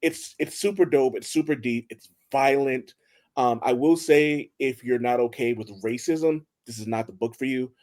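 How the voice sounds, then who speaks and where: A man co-hosting a podcast, telling a comic story in a casual, excitable way, acting out the characters' lines and swearing freely. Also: mid-range voice, moderate pace. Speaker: podcast co-host. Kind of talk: casual chat.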